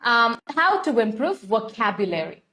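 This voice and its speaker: A young woman with an Indian English accent, voice pitched a little high. She teaches English to a live online class, spelling out each step and repeating herself. She turns to thank viewers by name. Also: very animated, normal speed, pushed and bright. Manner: repetitive, instructive, addresses viewers by name.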